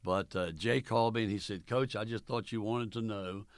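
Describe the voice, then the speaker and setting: An older man, a former college basketball coach, telling stories in an oral history interview in a folksy, unhurried way with many fillers, acting out the dialogue. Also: fairly low pitch, fairly even intonation, clear, resonant tone, no echo.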